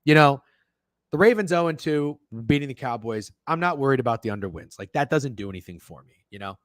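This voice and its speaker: A man's voice: medium pitch, animated, brisk, no echo. Profane, fired-up man ranting. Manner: answers live chat messages. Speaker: sports betting podcast host. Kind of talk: casual ranting chat.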